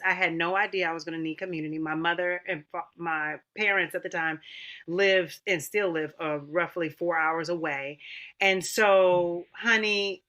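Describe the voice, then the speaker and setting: Bright, lively storytelling woman. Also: fairly low pitch, moderate pace. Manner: animated storytelling, calls listeners honey and girl. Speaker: opera singer and mother. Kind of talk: casual panel chat.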